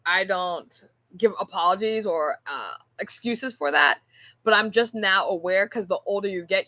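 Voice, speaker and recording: A woman's voice: mid-range voice, pushed and bright, no room sound. A woman hosting a casual faith-based talk, speaking earnestly and telling stories with frequent rhetorical questions. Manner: earnest, storytelling, rhetorical "right?". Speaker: podcast host. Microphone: on camera.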